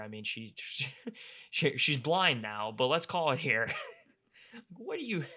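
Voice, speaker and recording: On a lo-fi recording, a young man co-hosting a laid-back podcast goes on an animated, exasperated rant full of profanity. His mid-range voice is unhurried and broken by long pauses.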